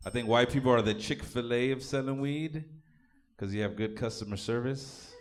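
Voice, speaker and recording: A man's voice: medium pitch, normal speed. A man from Oak Cliff, Texas, doing a profane, offhand stand-up set on a comedy club stage. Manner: crude, profane, offhand delivery.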